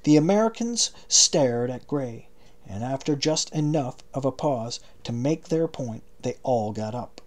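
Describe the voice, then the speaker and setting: A man with a mid-range voice reads an audiobook aloud, keeping his delivery steady and measured.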